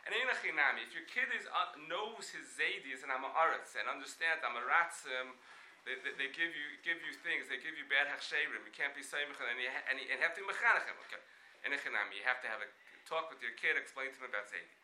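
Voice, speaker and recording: Male Torah teacher, very bright tone, animated Talmud lecture, echoey room. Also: mid-range voice, fast talker, slight background noise. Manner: animated, questioning, frequent restarts. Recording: echoey room with faint ambience.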